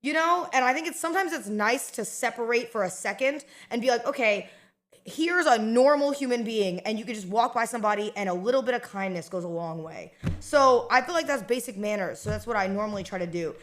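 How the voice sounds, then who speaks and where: Woman streamer just yapping away, kinda high voice, loads of likes and you-knows. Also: animated, fairly quick, a bit bright. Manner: rambling and chatty, many fillers and restarts. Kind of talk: casual chat.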